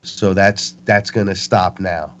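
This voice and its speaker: A man, a guest on a spiritual talk show, telling stories with animated energy and acting out the voices he quotes. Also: sits low, takes it slowly, slight background noise. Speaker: interview guest. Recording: muffled lo-fi recording.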